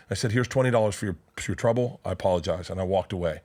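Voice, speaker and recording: A man's voice: deep voice, darkish tone. A man in his fifties telling a rowdy, profane story in a podcast chat, acting out the people in it. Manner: rapid, profane, acts out voices in his stories. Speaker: podcast guest comedian.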